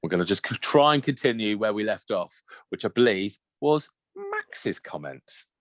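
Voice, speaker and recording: A man with a lowish, expressive voice speaks at normal speed in a dry recording. Co-hosting a casual podcast over a video call, he laughs a lot, swears freely, and reads listener messages out loud.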